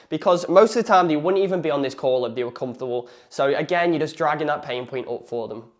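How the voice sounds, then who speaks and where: A young man in a casual, fast instructional talk, coaching on sales calls with lots of conversational fillers. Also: a little high. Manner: fast, conversational, full of "you know" fillers.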